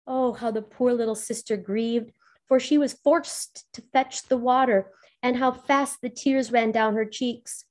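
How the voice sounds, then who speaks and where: A woman with a fairly high voice reads a fairy tale aloud. Her reading is measured and expressive, in the manner of a storyteller.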